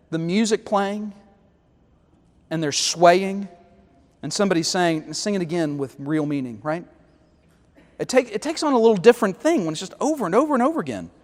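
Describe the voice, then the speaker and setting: A man's voice: high voice, expressive, moderate pace, pauses often, big-room sound. A man leading a church Bible study, reading lyrics aloud and critiquing them with wry, sarcastic asides.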